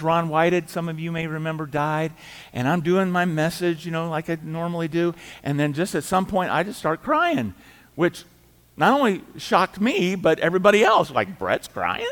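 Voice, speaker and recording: A middle-aged man preaching a sermon as pastor, telling the story in a conversational way, acting out quoted voices and dropping quiet for emphasis. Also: fairly high pitch. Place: church sanctuary. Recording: church hall reverb.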